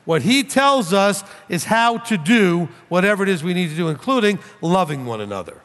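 Male rabbi preaching, emphatic and animated, voice ringing in a large hall. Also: sits high, moderate pace. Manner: emphatic, rhetorical questions, mocking imitations of critics. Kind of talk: sermon. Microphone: preaching without notes, standing. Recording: long hall reverb.

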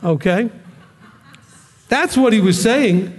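A man with a high-pitched voice gives a conversational sermon-style lesson to a ministry class. He keeps checking in with the listeners and acts out the voices he quotes. The sound carries a long reverb, like a large hall. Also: lively intonation, moderate pace.

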